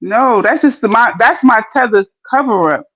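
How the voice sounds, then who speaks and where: A woman from New York chatting casually on a podcast, with slow, drawn-out, playful banter. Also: on the high side, animated, a bit bright, dry recording, lo-fi sound.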